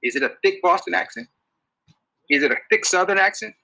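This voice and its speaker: A man giving a public talk to an audience, animated and full of rhetorical questions. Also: high-pitched, brisk, vocal fry, rough recording. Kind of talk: public lecture.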